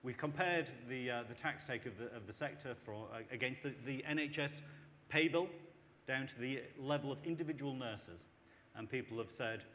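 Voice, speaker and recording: A man's voice: medium pitch, normal speed. Persuasive man speaking in a hall. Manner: emphatic, persuasive, animated with mock voices. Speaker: panel speaker. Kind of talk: panel discussion. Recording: long reverb in a hall, faint noise.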